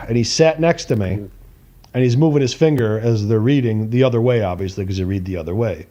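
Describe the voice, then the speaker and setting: Man, mid-pitched voice, casual podcast storytelling, animated, acts out voices, swears casually. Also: a little fast. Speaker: podcast co-host.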